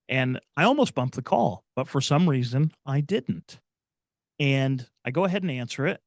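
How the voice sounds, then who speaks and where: A middle-aged man from Indiana telling a personal story as a podcast guest, earnest and halting, often restarting his sentences. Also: medium pitch, lively intonation, no echo. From Indiana, USA. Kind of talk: personal storytelling in casual chat.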